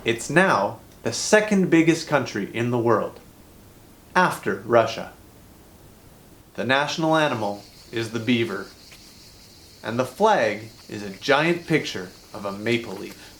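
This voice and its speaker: Guy teaching english, slow and careful, middle voice. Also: mid-range voice, fairly bright tone, a little hiss or hum. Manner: clear, deliberate explaining to learners. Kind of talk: scripted educational lesson.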